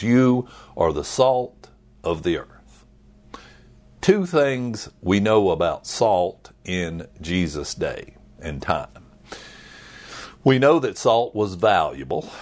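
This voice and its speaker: A middle-aged man preaching a sermon as a pastor, animated and dropping now and then to a whisper. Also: on the low side.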